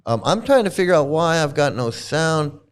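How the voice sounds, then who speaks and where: A man's voice: a little high, sing-song, normal speed, clean tone. Indignant man ranting on a livestream. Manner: indignant, mocking rant with repetitions. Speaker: livestream host. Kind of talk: casual livestream commentary.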